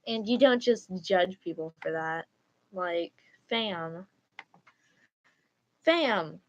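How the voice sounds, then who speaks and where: A woman's voice: fairly low pitch, extremely slow. A woman streamer reading stories aloud and reacting casually, with emphatic remarks. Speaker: livestreamer. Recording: dull lo-fi mic.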